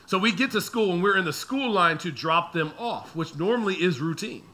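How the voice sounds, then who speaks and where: Male pastor, thirties, bright ringing voice, pitched a touch high, animated storyteller who slips into voices. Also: fairly quick, few pauses, a little hiss or hum. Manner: animated, acts out voices of his kids and himself. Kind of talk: storytelling sermon.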